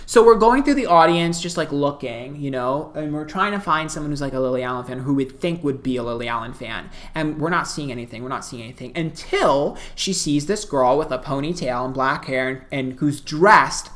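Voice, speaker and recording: A woman telling a funny story in a casual chatty way, often acting out what people said in high excited voices and breaking into laughter. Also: brisk, few pauses. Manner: chatty, animated, laughs a lot; quotes people in loud high squeals. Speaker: vlogger.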